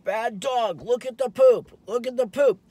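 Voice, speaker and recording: A man acting out an exasperated dog owner scolding his pet in a raised, higher voice. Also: unhurried, mellow, no echo.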